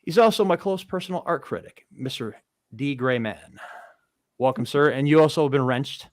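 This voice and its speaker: A man's voice: mid-range voice, moderate pace, no room sound. Guy hosting a chat, rambly and loose, dry close mic. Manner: rambling, loose, swears casually. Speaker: podcast host. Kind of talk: casual chat.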